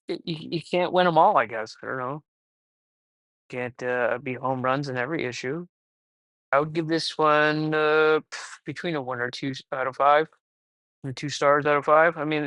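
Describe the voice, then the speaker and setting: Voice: medium pitch, a bit bright, no room sound. A casual comic book reviewer who talks hesitantly, packs in fillers and swears offhandedly. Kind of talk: casual read-along review.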